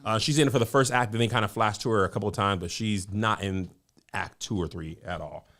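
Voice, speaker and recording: A man with a lowish voice chats as a podcast co-host. He retells stories with animation, slipping into little voices for quotes. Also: fairly quick. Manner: animated storyteller, acts out quotes. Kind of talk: casual chat.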